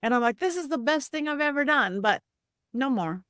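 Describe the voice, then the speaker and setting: A woman psychic medium guest telling lively stories in a casual interview, often acting out the voices of people she quotes. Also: sits high, no room sound, studio quality. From Southern California. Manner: animated, acts out quoted voices, quick asides.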